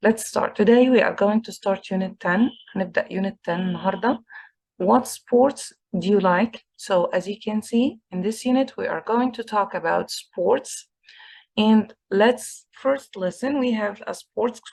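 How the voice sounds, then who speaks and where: A woman with an Egyptian accent teaching an English class, slowly repeating words to drill pronunciation. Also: mid-range voice, vocal fry, darkish tone. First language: Egyptian Arabic. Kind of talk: online English lesson.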